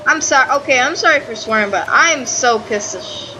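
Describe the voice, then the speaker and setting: A woman casually commenting on her own gameplay, excitable and swearing freely as she talks back at the game. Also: fairly high pitch, a little fast, hardly any pauses, slight background noise, poor audio. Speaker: gaming channel host. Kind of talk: casual let's-play commentary.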